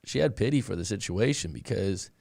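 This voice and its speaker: A man's voice: on the low side, animated, brisk, creaky, a little mellow, no room sound, clean studio sound. A man hosting a breakup coaching podcast, chatting casually with his live audience and telling a rambling story full of restarts, calling listeners "boss man.".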